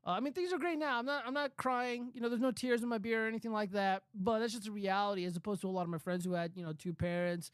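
A man's voice: high-pitched, fairly even intonation, fast, few pauses, clean tone, no room sound, clean studio sound. A man hosting a casual commentary stream, reading news and chat comments in a loose, profane, rambling way with lots of fillers.

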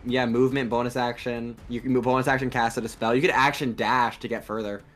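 A man's voice: medium pitch, flat delivery, fairly quick, a bit bright. A man playing a tabletop game, upbeat and encouraging, explaining the rules to others. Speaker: player. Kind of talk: casual tabletop play.

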